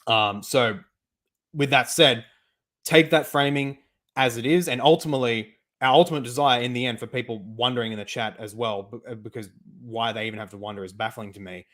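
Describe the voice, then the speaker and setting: A man's voice: medium pitch, fairly quick, a bit bright. A man hosting an interview, wrapping it up for the audience in careful, formal wording. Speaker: host. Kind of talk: measured summary for the audience.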